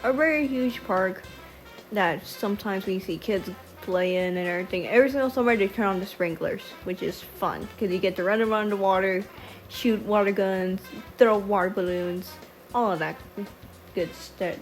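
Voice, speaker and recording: Woman, storytime voice-over, mid pitch, chatty and profane, some stutters, light music bed. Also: moderate pace. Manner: rambling, swears freely, sidetracks; stutters at times. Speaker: storytime vlogger. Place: voice-over over a speedpaint video. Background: faint background music.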